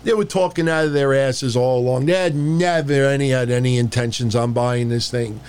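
A man's voice: medium pitch, steady tone, moderate pace, darkish tone, clear, resonant tone. A man hosting a casual podcast, ranting in a blunt, profane and mocking way. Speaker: podcast host. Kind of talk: casual wrestling podcast rant.

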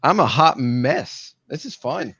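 Lively joking man, dull lo-fi audio. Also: medium pitch, slow pace, slightly rough, no room sound. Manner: playful, joking. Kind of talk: casual chat.

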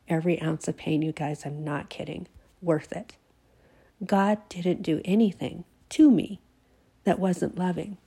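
A woman's voice: fairly low pitch, mellow, slightly rough. A woman giving an earnest devotional talk to her listeners while sick with a fever and teary, emphatic and sometimes dropping to a whisper. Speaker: Christian devotional host.

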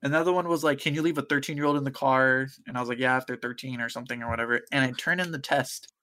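A man's voice: mid-range voice, rapid-fire. A young man, a podcast co-host, telling a story in casual chat and acting out the other people's voices. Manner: animated storyteller acting out quoted voices, laughing often.

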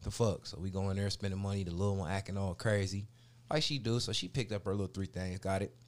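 A man with a low-pitched voice talks fast in a casual chat, spinning a long story. His animated storytelling is full of slang and swearing.

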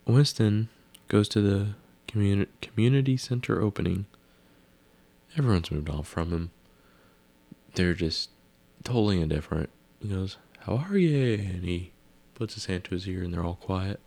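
A man's voice: low-pitched, steady tone, moderate pace, long pauses, a little mellow. A man casually recapping a TV episode, rambling with wry asides and musing questions.

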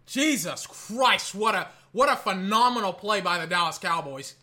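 A man reacting live to a football game as a fan, excitable and exclamatory, rambling between play calls. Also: sits high, moderate pace.

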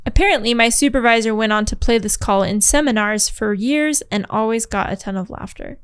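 A chatty woman co-host with a fairly high voice, giggling and tossing in plenty of "like"s as she talks. She reads listener stories aloud in a loose, casual way. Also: fairly quick, fairly bright tone, smooth. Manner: giggly, chatty, many fillers. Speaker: podcast co-host.

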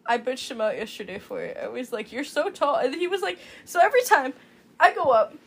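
Young woman, twenties, high pitch, very lively intonation, excitable casual chatter. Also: a little fast, creaky, husky. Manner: excitable, giggly, dramatic retelling. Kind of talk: casual chat.

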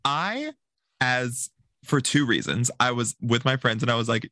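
Male podcast guest, animated storyteller, bright tone, plays out the quotes. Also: mid-range voice, a little slow, dry recording. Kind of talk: casual podcast chat.

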